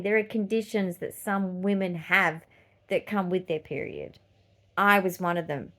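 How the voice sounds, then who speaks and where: A woman's voice: fairly low pitch, measured pace, a bit bright. A woman in her forties with an Australian accent, hosting a podcast as a casual monologue, blunt and swearing freely with laughs between points. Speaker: podcast host.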